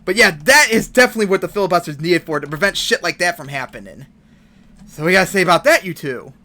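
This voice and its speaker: A man hosting a casual podcast discussion, talking in an animated, emphatic way and swearing freely. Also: high-pitched, fast talker. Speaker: host.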